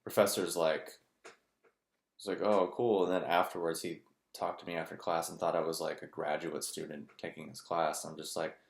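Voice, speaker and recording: A man with a very deep voice speaks bluntly and profanely, with a sarcastic edge. He talks as if to the camera in a candid personal monologue. The sound has a roomy echo. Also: level tone, moderate pace, gravelly. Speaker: vlogger.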